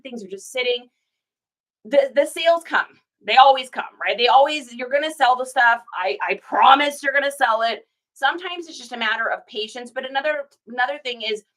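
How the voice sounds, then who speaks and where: A woman with a high, bright voice chats casually as an online reseller. She keeps encouraging her viewers and often dissolves into laughter as she talks. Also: rough recording. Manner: encouraging, breaks into fits of laughter.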